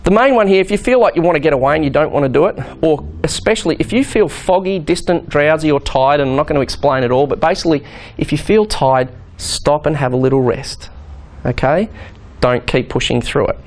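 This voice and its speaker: Casting note: man, workshop leader, quick and slightly high-voiced, animated. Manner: fast, animated, acts out quoted voices. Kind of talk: workshop instruction.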